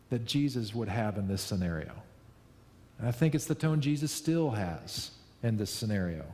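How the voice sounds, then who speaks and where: A man preaching a sermon, telling a story in a lively way and repeating key lines for emphasis. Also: mid-range voice, a little slow, in a large hall. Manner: storytelling, animated, with repetitions for emphasis. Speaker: pastor.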